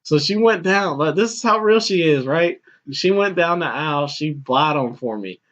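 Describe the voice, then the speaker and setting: A man co-hosting a podcast, telling stories in a casual, animated, slangy way. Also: on the high side, moderate pace. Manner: animated, slangy, says "yo" a lot. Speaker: podcast co-host. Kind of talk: casual chat, storytelling. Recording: dull lo-fi podcast audio.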